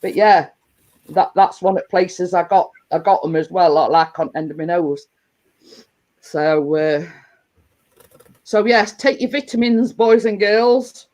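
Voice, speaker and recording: Slow, rambling woman chatting live. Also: low voice, a little mellow, low-quality recording. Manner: rambling, chatty, many restarts and fillers. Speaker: livestream host. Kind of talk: casual live chat to viewers.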